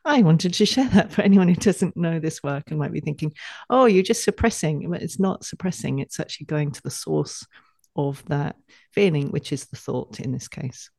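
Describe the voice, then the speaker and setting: Woman on a podcast, bit of fry in her voice, dry close sound, animated, laughs a lot. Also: deep voice, moderate pace, no echo. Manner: animated, laughs while acting out inner voices. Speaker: podcast guest, mentor. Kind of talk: casual podcast conversation.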